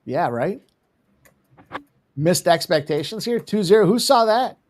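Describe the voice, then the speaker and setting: Man, host, fairly high voice, animated, quick sports talk, live betting chat.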